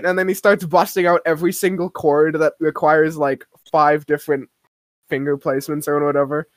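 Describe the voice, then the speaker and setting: A young woman co-hosting a podcast, chatting casually and playfully about a TV episode, quick to agree and joke. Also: deep voice, little pitch movement, no echo, clean studio sound. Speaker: podcast co-host. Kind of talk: casual chat recapping a TV episode.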